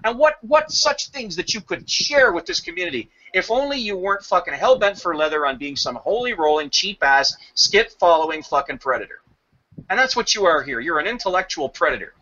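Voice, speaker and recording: A man with a high, bright, forceful voice tears into someone in an online voice chat. He swears freely and hammers away with rhetorical questions. The audio is dull and lo-fi. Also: animated, a little fast. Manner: confrontational, profane, rhetorical questions. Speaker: voice chat room participant. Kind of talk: heated rant in online voice chat.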